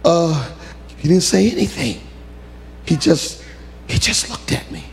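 A man's voice: on the high side, lively intonation, unhurried, vocal fry, in a large hall, a little hiss or hum. A preacher voicing an anxious, earnest male messenger who is out of breath. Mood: sheepish.

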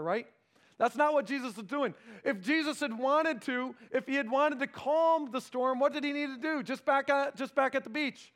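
High-voiced preacher, loud to hushed. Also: male voice, brisk. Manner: acts out quoted lines in voices. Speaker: pastor. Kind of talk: sermon.

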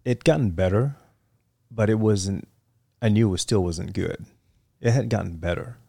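Speaking at a moderate pace, this retired Marine fighter weapons officer with a Vietnamese accent rambles through his story in a casual interview, filling it with "you know." He's middle-aged and relaxed, with a very low, gravelly-fry voice, captured in a dry, close recording without echo.

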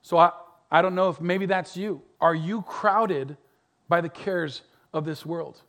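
A middle-aged pastor, his voice a little high, preaches earnestly without hurrying. He repeats himself for effect, swelling to emphatic peaks and settling back into soft, quiet moments.

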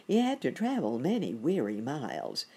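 A woman reading a children's bedtime story aloud in a gentle, expressive way. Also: rumbling low, moderate pace, slight background noise.

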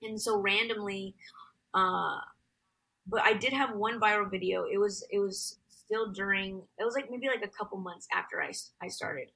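A woman's voice: mid-range voice, steady tone, moderate pace, gravelly, pushed and bright, breathy edge, low-quality recording. A young adult woman singer telling her story as an interview guest, rambling with many fillers.

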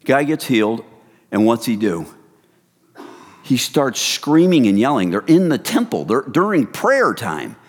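A man preaching a sermon in a casual, animated way, swinging from hushed lines to loud excited bursts. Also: mid-range voice, unhurried, breathy edge, in a large hall. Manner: casual, addresses the crowd as "you guys".

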